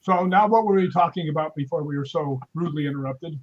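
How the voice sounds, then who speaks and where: Animated man telling stories, husky and lo-fi. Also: a little high, fast talker. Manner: animated storyteller, acts out quoted voices. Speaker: guest. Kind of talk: casual storytelling on a live stream.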